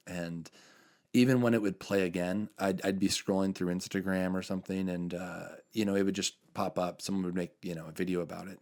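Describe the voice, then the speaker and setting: A man with a very low, deep voice speaks on a casual podcast. He is earnest and reflective, hedging his points and restarting his sentences often. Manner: hesitant, circles back with many fillers; earnest, reflective about faith. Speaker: podcast co-host.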